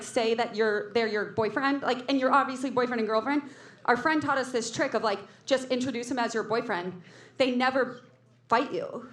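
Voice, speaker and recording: A woman's voice: high-pitched, a bit bright, echoey room. A woman in her thirties hosting a variety show with rambling, jokey stand-up that keeps interrupting itself. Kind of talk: stand-up comedy. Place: comedy club stage.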